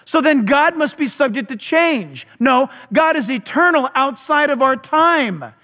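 A man's voice: very high-pitched, lively intonation, unhurried, sharp tone, big-room sound. A pastor preaching a sermon at a church service, emphatic, putting rhetorical questions to his audience.

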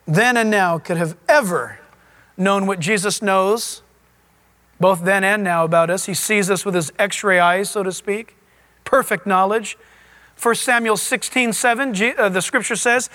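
A male pastor giving a conversational sermon, telling stories and asking the listeners questions. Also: sits high. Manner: animated storytelling, asks the listeners questions.

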